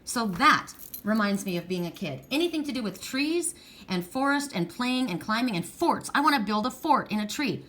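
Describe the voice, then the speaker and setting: A woman's voice: fairly high pitch, lively intonation, moderate pace, a bit bright. A middle-aged woman giving a heartfelt, rambling pick-a-card reading, tearful at times. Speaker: tarot card reader.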